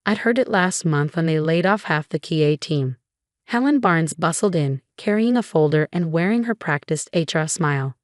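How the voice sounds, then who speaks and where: A woman with a fairly low voice tells a first-person story in a steady, measured way. The recording is dry and close, with no room sound. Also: dry recording. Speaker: narrator.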